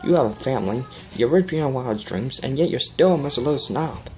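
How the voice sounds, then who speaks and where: A woman's voice: a bass voice, expressive, brisk, mellow. A woman reading a fan story and voicing a blunt, frank farm pony mare. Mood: angry.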